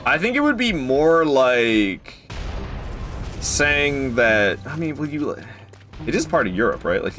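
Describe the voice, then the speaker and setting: A man's voice: lowish voice, fairly bright tone. Chatty man streaming a game. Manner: chatty, joking, self-deprecating. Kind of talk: casual gaming commentary. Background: game music.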